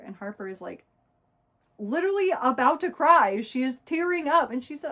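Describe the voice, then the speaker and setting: A woman's voice: sits high, big pitch swings, a bit bright. Exasperated woman ranting about a book. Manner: talks fast and loose, leaning hard on "like" and "literally"; exasperated and indignant. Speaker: book reviewer. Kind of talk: casual book review rant.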